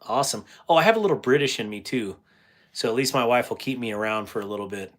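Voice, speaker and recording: A middle-aged man hosts a relaxed livestream, reading out viewer comments and answering them with easy laughs. His voice sits at an average pitch and he talks in a loose, chatty way. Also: quick pace. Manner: chatty, laughs often, reads chat aloud. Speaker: livestream host.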